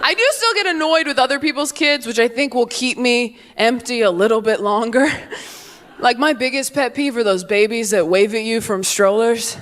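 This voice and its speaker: A woman's voice: fairly high pitch, moderate pace, fairly bright tone, a little hiss or hum. A young woman doing a stand-up comedy set on stage. She delivers punchy, playful lines and slips into mocking voices for the people in her stories. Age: young adult. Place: comedy stage before a live audience.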